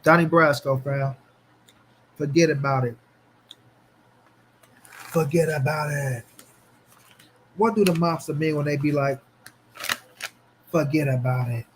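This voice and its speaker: Animated slangy man hosting a live stream. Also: on the high side, takes it slowly, long pauses, slight background noise. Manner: animated, slangy, talks back to chat. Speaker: boxing commentary channel host. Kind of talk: casual livestream chat.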